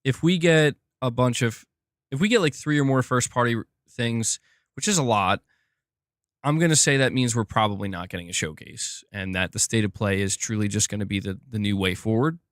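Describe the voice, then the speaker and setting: A young man hosts a casual gaming live stream, thinking out loud and restarting his sentences as he reacts to viewer comments. His voice sits at a middling pitch. The close mic sounds dry, with no room echo. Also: normal speed. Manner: rambling, many "like" fillers and restarts.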